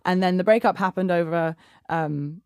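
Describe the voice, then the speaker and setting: Chatty southern English woman, lowish voice. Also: normal speed, clear, resonant tone, no room sound, studio quality. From England. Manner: chatty, laughs often, animated storytelling. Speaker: guest songwriter. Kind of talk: casual interview chat.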